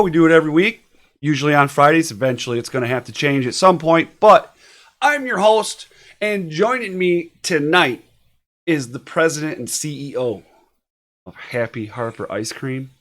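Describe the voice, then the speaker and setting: An upbeat man hosts a live online show in a casual, chatty way. His voice sits a little high for a man, and he laughs easily between remarks. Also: moderate pace, a bit bright. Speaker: host. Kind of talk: casual live-stream chat.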